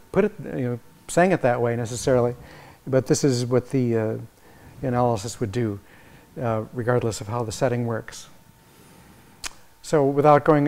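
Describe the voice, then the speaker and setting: Thinking his ideas through as he explains them, a man who is a visiting music professor delivers an academic lecture full of halting restarts. The setting is a lecture hall, and his voice is medium-pitched and warm.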